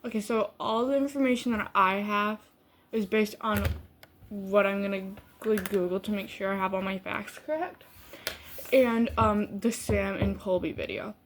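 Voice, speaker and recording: A woman's voice: mid-range voice, fairly even intonation, moderate pace, slight background noise. A woman from Michigan with a Midwestern accent, casually telling a story to her camera in a rambling way full of fillers and restarts. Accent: Midwestern American. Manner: rambling, heavy use of "like" and restarts. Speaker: vlogger.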